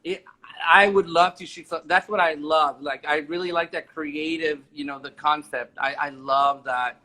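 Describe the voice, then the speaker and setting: A man's voice: fairly high pitch, steady tone, moderate pace, sharp tone. A man in his forties talking as an interview guest, enthusiastic and rambling with many restarts. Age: 40s. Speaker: interview guest, makeup artist and photographer. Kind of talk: casual interview chat.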